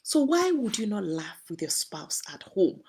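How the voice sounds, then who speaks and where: A woman's voice: medium pitch, very animated, unhurried, darkish tone, breathy edge. A woman from Nigeria giving earnest, advising talk on friendship in marriage, using homely examples. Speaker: host. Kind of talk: relationship talk to listeners.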